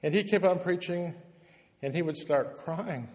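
A man's voice: high voice, a little slow, a little mellow, big-room sound. A man preaching a passionate, emphatic sermon to a room of pastors, hammering points home by repeating words. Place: church, speaking to pastors in the room.

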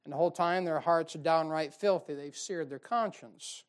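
A man preaching a folksy, emphatic sermon, with sudden loud bursts and mocking quotes. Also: on the high side, moderate pace, clean tone. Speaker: pastor. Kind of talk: fiery sermon.

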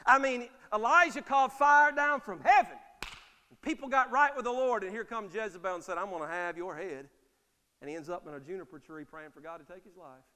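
Male pastor, sermon delivery, calls for amens, high bright voice, reverberant hall. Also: lively intonation, fairly quick, smooth. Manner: preaching with call-and-response "Amen?" and acted-out quotes. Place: church sanctuary.

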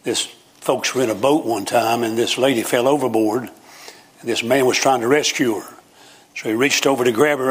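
A man's voice: mid-range voice, slightly rough. An older man preaching a sermon, telling folksy jokes and stories and lifting his voice on emphatic lines. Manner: folksy, joking storytelling with rising emphatic lines.

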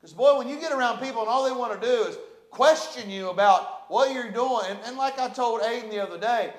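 A man's voice: sits high, quick pace, echoey room. A man preaching a sermon as pastor, fervent and repetitive with emphatic delivery.

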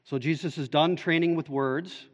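A man's voice: a little high, steady tone, normal speed. Man preaching in an echoey hall. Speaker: pastor. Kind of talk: expository sermon. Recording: dull echoey church hall recording.

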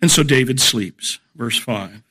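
Middle-aged guy teaching a bible lesson, bright clear voice, measured and emphatic. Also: medium pitch, animated. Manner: measured, emphatic, explains verse by verse. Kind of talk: expository Bible lecture.

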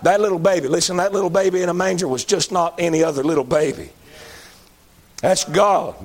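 A man with a high, tenor-ish voice preaches. His delivery is folksy and conversational, rising into emphatic, repeated declarations. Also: fairly even intonation, a little fast. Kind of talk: sermon.

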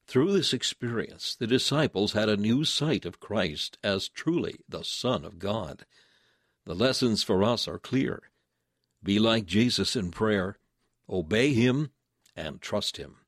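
Man, radio announcer, low voice, dry close sound, measured read. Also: expressive, dry recording. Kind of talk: scripted narration.

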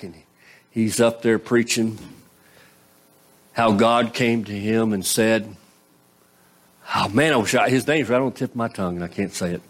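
A man preaching a sermon in a conversational style, posing rhetorical questions to the congregation, his pitch swinging between raised and low. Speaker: pastor.

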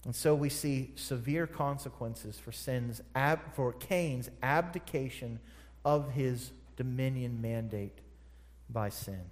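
A man's voice: medium pitch, slow. A man preaching a sermon, emphatic and repeating phrases for stress. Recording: long hall reverb.

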